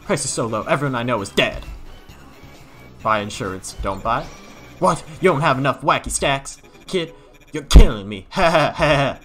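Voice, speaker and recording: Brief: man putting on a slick, loud scammer salesman, lots of up-and-down pitch. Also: animated, moderate pace, faint music behind, close to an everyday voice. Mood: pushy, salesy. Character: fast-talking scammer salesman spam figure, pushy.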